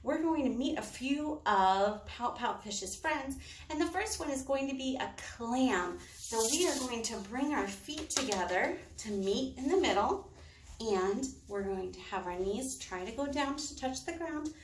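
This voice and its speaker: A woman librarian leading children through storytime yoga, talking in a slow, encouraging, coaxing way. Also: on the high side, expressive, slight background noise. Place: on a balcony. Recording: roomy, distant mic.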